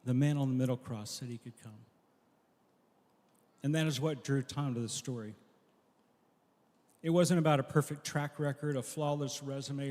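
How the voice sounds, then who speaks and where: Earnest male pastor in an echoing hall. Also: mid-range voice. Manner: earnest storytelling, voice dropping soft at key lines. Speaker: pastor at a memorial service. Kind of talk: memorial sermon. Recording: long echo of a large hall.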